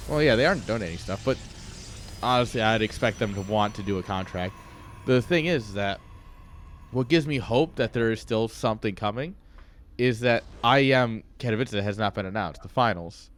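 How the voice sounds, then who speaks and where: Low-voiced joking caster. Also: male voice, moderate pace, a little hiss or hum. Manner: easygoing, joking, laughs often. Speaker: esports caster. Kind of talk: casual live game commentary.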